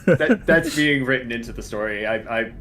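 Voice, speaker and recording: A man's voice: medium pitch, brisk, distant mic. A man joking around as a player in a tabletop game, with crowd noise behind. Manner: joking, animated. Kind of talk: casual tabletop chat.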